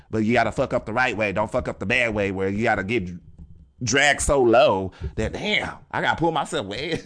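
A male podcast host with a lowish voice delivers an animated, casual spiritual monologue. He laughs often, swears freely and asks "okay?" after nearly every point.

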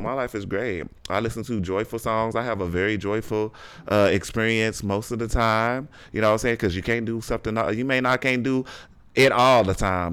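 A man's voice: mid-range voice, clear, resonant tone, no room sound, poor audio. A man hosting a casual solo podcast, talking in a sassy, preachy way and often tagging his points with "honey, okay?". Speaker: podcast host.

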